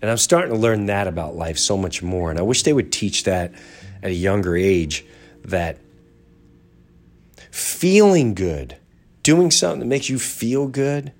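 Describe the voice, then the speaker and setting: A man's voice: fairly low pitch, very animated, measured pace, long pauses. A middle-aged man hosting a podcast, talking in a casual monologue with a congested, stuffy nose, earnest and reflective, often trailing off and restarting. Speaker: podcast host.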